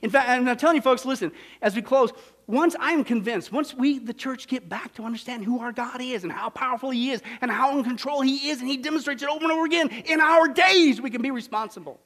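A man with a very high voice preaches a sermon and tells jokes along the way. He is animated and moves from loud bursts to hushed, quiet lines. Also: quick pace. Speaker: pastor.

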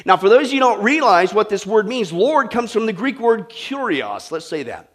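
Animated, high-voiced male preacher. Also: moderate pace. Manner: animated preaching, asks the congregation questions. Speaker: pastor. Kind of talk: sermon. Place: church with a live congregation.

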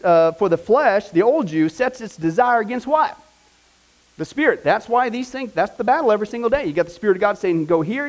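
A man teaching a discipleship Bible class in an energetic, conversational way, often checking in with his listeners. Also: high voice, low-quality recording.

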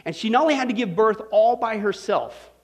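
A man from Kansas with a notably high voice delivers a Bible-study sermon through homespun stories. He talks in an animated, folksy way, keeps tossing "okay?" and "right?" to the congregation, and chuckles at his own tales. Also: fairly quick. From Kansas, United States. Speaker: preacher teaching a Bible study. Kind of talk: storytelling sermon to a live audience.

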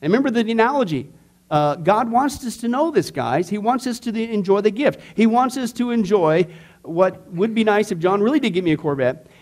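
Earnest high-voiced man teaching. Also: lively intonation, fairly quick. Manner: earnest, conversational, swings from emphatic to quiet. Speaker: Bible class teacher. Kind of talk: discipleship class teaching.

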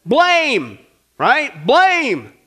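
Male preacher, humorous sermon delivery, quizzes the congregation, sharp high tone. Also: wildly swooping pitch, drawn-out words, breathy edge. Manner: conversational, asks listeners questions, jokes. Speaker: pastor.

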